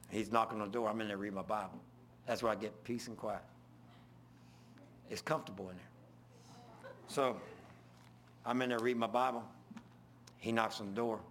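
An older man preaching an informal sermon, full of folksy stories and swinging between loud and hushed. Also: medium pitch, a little hiss or hum.

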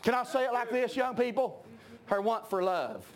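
High-pitched preacher. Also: male voice, expressive, normal speed. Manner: emphatic, shouting at peaks. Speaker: pastor. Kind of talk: sermon.

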